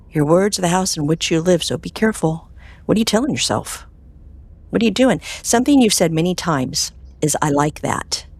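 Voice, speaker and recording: A woman, a clinical hypnotherapist, talking as a guest in an interview, telling stories with animated swings up in pitch and soft whispers on quoted phrases. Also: no echo. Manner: animated storytelling, voice jumping high with enthusiasm. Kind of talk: conversational interview.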